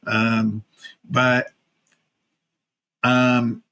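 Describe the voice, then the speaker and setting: A man in his fifties with a voice of ordinary pitch tells a personal story as a guest on a casual podcast. He talks loosely, with plenty of ums and restarts, and he acts out each person he quotes. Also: extremely slow, clear, resonant tone, poor audio. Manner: animated storyteller, acts out quoted people, frequent fillers. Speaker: casting director guest.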